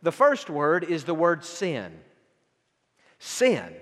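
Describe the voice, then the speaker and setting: Man, preacher, sermon, emphatic drawn-out scripture reading, high voice, echoing hall. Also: lively intonation, fairly bright tone. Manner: slow, emphatic delivery with drawn-out scripture quotes. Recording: long hall reverb.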